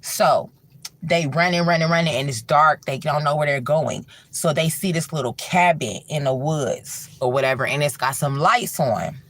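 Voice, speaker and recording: A livestream host telling a horror story in loose, colloquial talk, full of fillers, dropping low and soft for suspense. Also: moderate pace. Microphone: livestream mic.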